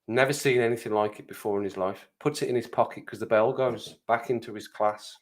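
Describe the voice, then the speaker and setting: A man's voice: on the low side, fairly even intonation, fairly quick. A man telling a story on a live stream, rambling and repeating phrases for comic effect.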